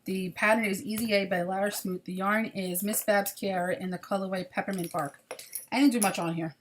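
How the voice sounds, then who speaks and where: A woman's voice: mid-range voice, steady tone, brisk, a little hiss or hum. A woman hosting a crochet video podcast, chatting casually and apologetically about her projects, sounding tired.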